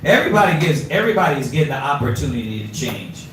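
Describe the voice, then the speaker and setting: A man teaching an informal scripture class, animated and streetwise, quizzing his students, recorded from afar in an echoey room. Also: medium pitch, fast, recorded from a distance, slight background noise.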